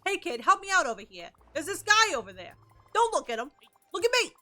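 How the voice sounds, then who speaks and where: A man's voice: extremely high pitch, sing-song, a little fast, bright, forceful tone, pitched above the performer's own voice, exaggerated voice. A woman voicing a shady male mob boss who hires a hitman, talking in a tough, conspiratorial way. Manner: conspiratorial, tough-guy talk.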